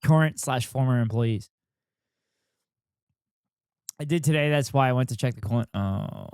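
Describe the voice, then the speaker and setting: A man's voice: medium pitch, a little fast, darkish tone, clear, resonant tone, no room sound, studio quality. A man streaming live, reacting casually and profanely while chatting to his viewers.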